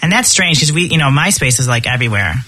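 Excitable chatty woman radio host. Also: rumbling low, quick pace, husky, dry recording. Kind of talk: casual radio chat.

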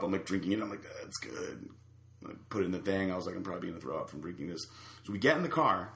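A man's voice: fairly low pitch, roomy sound. A man telling a long rambling story in casual chat, full of fillers and restarts. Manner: rambling, animated anecdote with many fillers.

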